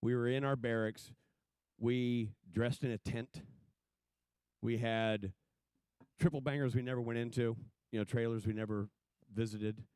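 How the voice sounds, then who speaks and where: A man's voice: mid-range voice, fairly even intonation, measured pace, darkish tone, clean tone, no room sound. A man on a panel talking in an earnest, reflective way. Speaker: actor on a panel. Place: stage at a symposium.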